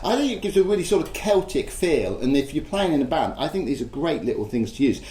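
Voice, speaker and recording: Casting brief: male host, mellow tone, hesitant and chatty, echoey room. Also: on the high side, big pitch swings, fast. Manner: rambling, hesitant with fillers. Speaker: presenter demonstrating guitar gear. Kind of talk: casual spoken demonstration.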